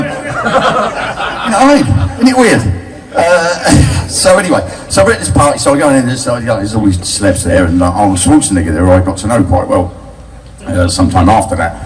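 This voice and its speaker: A man's voice: mid-range voice, background noise. An older man telling crude, cheeky stories live to a bar crowd, laughing at his own jokes. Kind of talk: live stand-up storytelling. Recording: distant mic, loud crowd.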